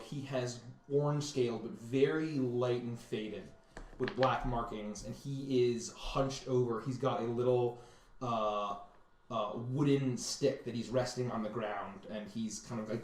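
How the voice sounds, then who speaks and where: A man narrating a tabletop game as game master, describing scenes with many pauses and fillers. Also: medium pitch, fairly even intonation, a little mellow, a little hiss or hum. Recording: roomy, distant mic.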